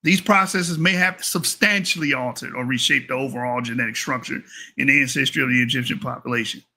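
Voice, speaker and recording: A man's voice: medium pitch, a little fast, pushed and bright. A man giving heated reaction commentary, mocking and profane as he corrects someone's reading of a paper.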